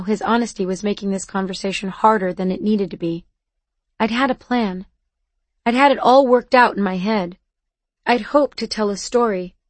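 A woman's voice: mid-range voice, darkish tone, no room sound. A woman narrating a first-person novel aloud in an intimate, emotional, confessional way. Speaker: audiobook narrator.

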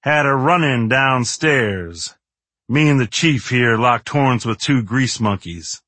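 A man voicing a cocky, brash male patient who talks in a slow drawling cowboy manner, out of the side of his mouth. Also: mid-range voice, lively intonation, pushed and bright, no echo, voice pushed up, heavily acted. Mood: wry.

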